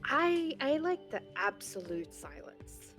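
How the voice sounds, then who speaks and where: Chatty woman with a slightly high voice, loose casual storytelling. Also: big pitch swings, slow, fairly bright tone, faint music behind. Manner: chatty, many filler "like"s. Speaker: tabletop game player. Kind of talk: casual chat, telling an anecdote.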